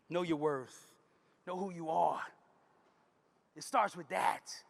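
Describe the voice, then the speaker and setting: A man's voice: sits high, slow pace. A man giving a live motivational speech to a crowd, preacher-like, calling out to the audience. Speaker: motivational speaker. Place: large hall in front of a live audience. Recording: long hall reverb from a live stage.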